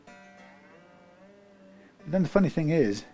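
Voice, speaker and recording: Mellow man rambling aloud while working. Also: a little high, animated, drawn-out words, soft background music. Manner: rambling, thinking aloud, trails into quiet muttering. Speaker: guitar technician. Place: guitar workshop.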